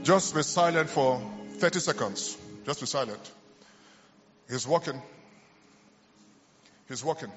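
A man's voice: mid-range voice, animated, measured pace, long pauses, music in the background. A man preaching a healing sermon in a large church, fervent and calling out to the congregation. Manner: fervent, shouting call-and-response. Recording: lo-fi church hall recording with reverb.

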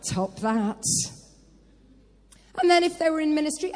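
A woman's voice: sits high, lively intonation, a little slow. A woman preacher giving a sermon, telling her own story and rising into impassioned, crying prophetic declarations. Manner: testimony building to impassioned prophetic cries. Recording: long hall reverb with soft music.

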